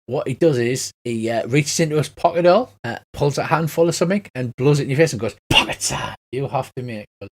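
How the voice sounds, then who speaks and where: A man running a tabletop game as game master, talking in a relaxed way with lots of fillers. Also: mid-range voice, quick pace, few pauses. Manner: relaxed, hesitant with many fillers.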